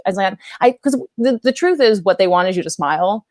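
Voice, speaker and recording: Young woman comic telling stories, bounces into squeaky put-on voices, laughs a lot, dry close sound. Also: a little fast, no room sound. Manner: animated, acts out quoted voices in a high chirpy tone, laughs often. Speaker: comedian guest. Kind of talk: casual podcast chat with storytelling.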